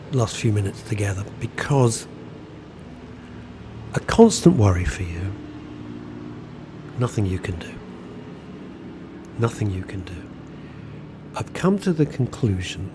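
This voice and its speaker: A man's voice: on the low side, a little hiss or hum. A man hosting a radio show, chatting casually and reading out listener messages. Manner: chatty, warm, reads messages aloud and reacts.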